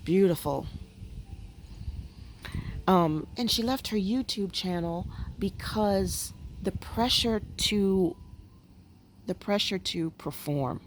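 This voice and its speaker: Sitting outdoors at her home, a woman vlogger chats casually and muses aloud, rambling with plenty of fillers. Her voice is mid-range and she speaks slowly, leaving long pauses, with slight background noise in the recording.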